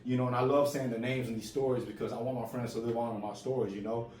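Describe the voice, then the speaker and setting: A man's voice: medium pitch, fairly even intonation, fast talker, darkish tone. A man in his forties who stutters, telling a personal story in a casual, raw way. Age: 40s. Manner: stutters, repeats words. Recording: roomy with faint ambient noise.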